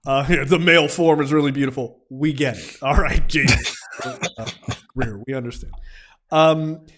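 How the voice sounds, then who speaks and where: A man's voice: fairly high pitch, moderate pace, a bit bright. A young adult man co-hosting a casual film review podcast, rambling and laughing often as he recaps the plot. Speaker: podcast co-host.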